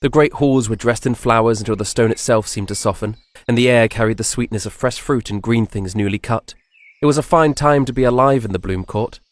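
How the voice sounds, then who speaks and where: A man narrating a fantasy story in a measured, soft-spoken, descriptive scripted style. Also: medium pitch, no echo.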